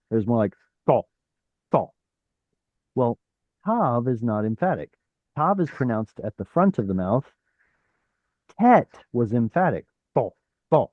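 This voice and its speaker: A man's voice: mid-range voice, dry recording, narrow, tinny audio. A man teaching an online Hebrew class, explaining step by step, sounding out letters and correcting himself as he goes. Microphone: video call.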